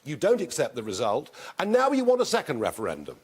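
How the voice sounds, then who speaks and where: A man answering questions in a televised debate, forceful and emphatic, repeating words for stress. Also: a little high, huge pitch swings, fast talker, slightly rough. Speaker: party leader in a televised debate.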